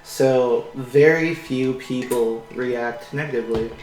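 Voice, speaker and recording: Man, game master, relaxed and halting, echoey room, faint music behind. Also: medium pitch. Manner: relaxed, hesitant with fillers, laughs often. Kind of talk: narrating a tabletop game.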